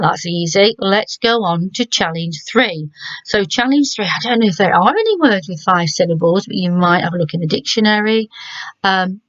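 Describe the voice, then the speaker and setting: A middle-aged woman with an English accent teaches children from home, patient and gentle as she sounds out words slowly. Her voice is mid-pitched and the recording is dry and somewhat dull. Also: no echo. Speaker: primary school teacher. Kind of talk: remote lesson for children.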